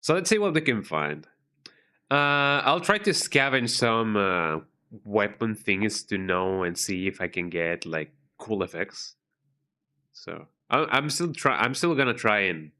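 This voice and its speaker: A man's voice: lowish voice, sing-song, measured pace, bright, forceful tone. A man chatting casually while streaming a video game, rambling with many restarts. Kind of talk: casual live-stream commentary. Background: game music.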